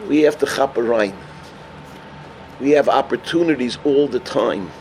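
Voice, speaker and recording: A man delivering a sermon as a rabbi. He tells a story with Yiddish and Hebrew terms and builds to emphatic, near-shouted points. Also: medium pitch, unhurried, slight background noise. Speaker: rabbi giving a Torah talk.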